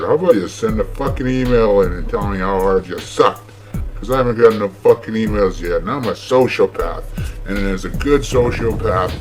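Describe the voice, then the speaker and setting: A man hosting a show, ranting sarcastically about the news in a profane, mocking way. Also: lowish voice. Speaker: podcast host. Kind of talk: comedic news rant.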